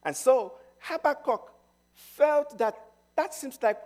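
A middle-aged man preaching a sermon, telling stories with emphasis and swinging between loud and hushed. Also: very high voice, animated, slow pace.

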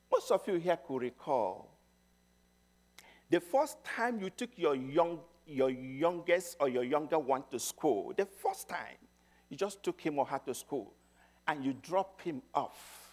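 A middle-aged man preaching a sermon, telling stories with emphasis and swinging between loud and hushed. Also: fairly high pitch.

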